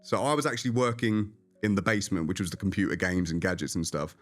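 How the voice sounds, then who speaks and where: Lively storytelling man, low voice. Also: fast talker, soft background music. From England. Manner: animated anecdotal storyteller. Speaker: magician guest. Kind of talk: casual interview storytelling.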